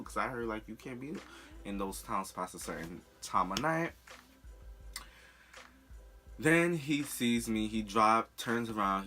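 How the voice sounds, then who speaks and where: A young man telling a personal story in a candid, profane, animated way on a storytime vlog. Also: deep voice. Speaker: vlogger.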